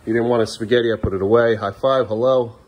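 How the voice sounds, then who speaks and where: A worn-out father talks to his young children around the kitchen of his home, with a voice of ordinary pitch for a man. He sounds weary and exasperated, dipping into low mumbles and at times raising his voice at a defiant child. A faint hiss of noise sits under the recording. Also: steady tone, fast, darkish tone. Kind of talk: casual home vlog talking to his kids.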